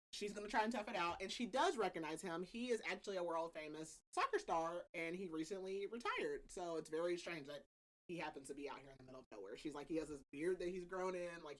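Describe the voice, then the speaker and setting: A woman hosting a podcast, casually recapping a book's plot with a chatty, laughing manner and lots of filler words. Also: on the low side. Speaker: podcast host. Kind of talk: casual book recap chat.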